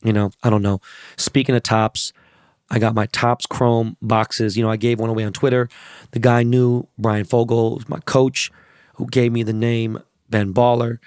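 A middle-aged man hosting a casual solo podcast, hoarse from losing his voice, talking in a loose, profane, hyped way with plugs and shout-outs. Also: medium pitch, level tone, normal speed, no room sound, clean studio sound. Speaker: podcast host.

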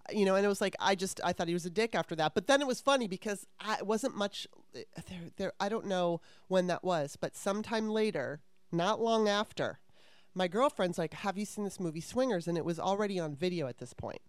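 A woman's voice: lowish voice, animated, brisk, smooth, no room sound. A woman in her fifties hosting a podcast, telling a story in casual chat with a candid, profane and rambling manner. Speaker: podcast host.

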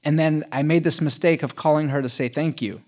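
A man's voice: fairly high pitch, steady tone, fairly quick, darkish tone. A middle-aged man telling a personal story in casual conversation, chatty with lots of fillers and self-mocking humor.

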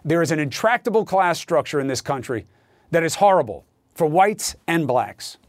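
A man's voice: on the high side, lively intonation, moderate pace, dry recording. A male news anchor delivering an emphatic, sarcastic opinion monologue in a studio.

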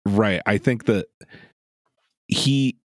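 A man's voice: lowish voice, very slow, no echo. A man co-hosting a podcast, recapping an episode in a dry, sardonic way with casual swearing. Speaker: podcast co-host.

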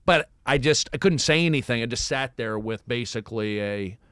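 Smooth-voiced man in casual chat. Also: mid-range voice, normal speed, dry recording, studio quality. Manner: relaxed, rambling storytelling with restarts.

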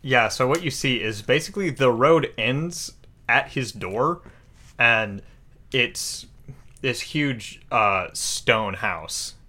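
A man narrating a tabletop game as game master, casual and halting as he describes the scene. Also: medium pitch, sharp tone. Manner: casual, hesitant with fillers.

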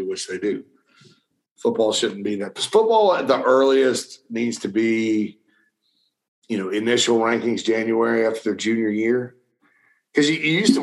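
A man's voice: on the low side, poor audio. A middle-aged man hosting a casual talk show, answering viewer questions in a rambling way with many restarts and fillers. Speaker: recruiting analyst host.

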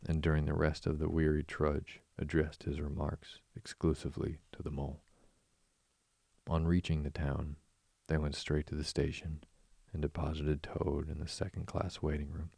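A man host narrating a bedtime story in a slow, soothing, even reading. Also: rumbling low, vocal fry, dry recording, studio quality. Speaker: podcast host and reader.

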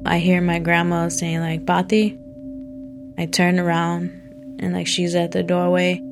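Low, gravelly woman telling a personal story. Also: completely flat delivery, over music. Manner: casual, halting, many "like" fillers.

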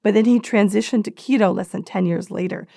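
Creaky-voiced woman explaining diet history. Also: medium pitch, a little fast, mellow, no echo, clean studio sound. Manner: explanatory, conversational. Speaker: expert guest. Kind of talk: interview answers.

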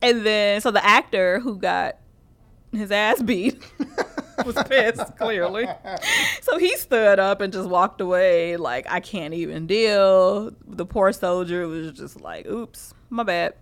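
A woman's voice: medium pitch, takes it slowly, fairly bright tone. Laughing, swearing woman telling a story. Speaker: podcast co-host. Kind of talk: casual chat.

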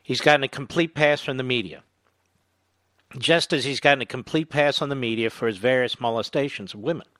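A man's voice: mid-range voice, brisk, no echo. A man hosting a political talk show, delivering a combative, indignant monologue into a studio mic. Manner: indignant, emphatic, rising to loud outrage.

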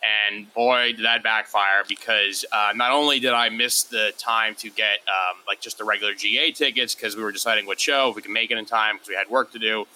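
A man on a podcast rambles through a self-mocking story, stopping often on fillers. His voice sits low but sounds very bright. Faint noise is heard behind him. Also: fairly even intonation, a little fast, hardly any pauses, rough recording. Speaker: podcast regular. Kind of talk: casual chat, storytelling.

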